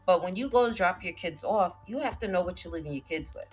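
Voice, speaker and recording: A woman's voice: on the low side, expressive, a little fast, darkish tone, husky, faint music behind, rough recording. A woman co-hosting a casual discussion, speaking earnestly and with emphasis. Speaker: podcast co-host.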